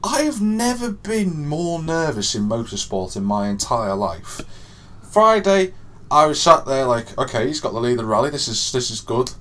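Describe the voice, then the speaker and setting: A young man co-hosting a podcast, telling an excited story that swings from hushed to loud. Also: mid-range voice, normal speed. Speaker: podcast co-host. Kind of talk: excited casual chat.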